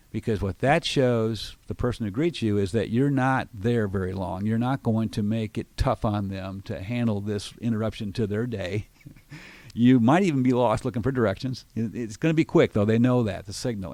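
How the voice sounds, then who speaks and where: In a fairly low voice captured on a dry recording, this man hosts a radio segment on selling. As a sales trainer, he explains tactics with lively energy and role-plays example phone lines.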